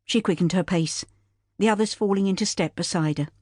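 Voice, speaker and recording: Reading scripted narration from a historical novel, this audiobook narrator keeps an even, measured tone in her mid-range voice. Clean studio sound, with no room sound.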